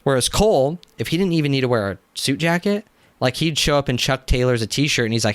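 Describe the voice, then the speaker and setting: A young man, a business coach, telling his story in a casual interview, animated, acting out quotes and using "like" often. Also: medium pitch, fast, dry recording. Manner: animated, acts out quotes, frequent "like" fillers.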